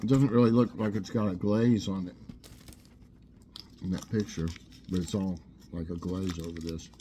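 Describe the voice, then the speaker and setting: A man's voice: deep voice, moderate pace, slight background noise. A man hosting a casual snack review show, chatting easily and eating as he talks. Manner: relaxed, chatty, eats while talking.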